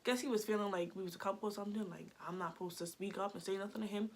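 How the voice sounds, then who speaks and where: A young woman tells a story straight to camera. She talks in a chatty, animated way and leans on "like" constantly, with a voice of middling pitch. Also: very fast. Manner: chatty, animated, heavy use of "like". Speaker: vlogger. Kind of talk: storytime vlog.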